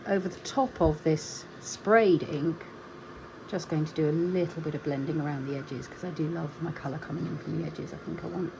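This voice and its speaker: A woman hosting a craft tutorial, chatting casually and thinking aloud as she works, even talking to her supplies. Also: fairly low pitch, a little hiss or hum. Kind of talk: casual demonstration while crafting.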